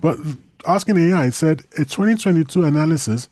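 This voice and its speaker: A man's voice: on the high side, fast talker, no room sound. Chatty man with a dry, close sound. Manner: chatty, animated, laughs often, stumbles and restarts. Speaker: co-host. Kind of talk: casual podcast discussion.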